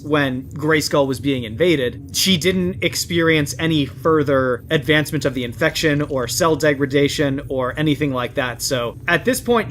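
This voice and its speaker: A man's voice: a little high, a little hiss or hum. Man narrating as game master. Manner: relaxed, descriptive, chatty narration.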